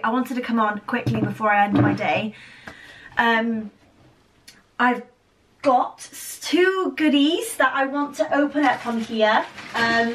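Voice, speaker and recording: A young woman gushing with excitement as she opens parcels in a casual vlog, full of fillers and exclamations. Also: a little high, background noise. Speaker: stationery vlogger. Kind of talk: unboxing vlog.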